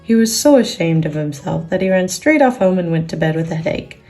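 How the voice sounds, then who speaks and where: Gravelly woman reading a storybook. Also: on the low side, a little fast, faint music behind. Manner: gentle, expressive storybook reading. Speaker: storyteller and sculptor. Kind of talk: reading a children's book aloud.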